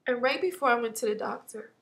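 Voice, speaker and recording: A woman in her thirties talking through a personal loss in a vlog, halting and heartfelt, close to tears at times. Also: on the high side. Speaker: vlogger.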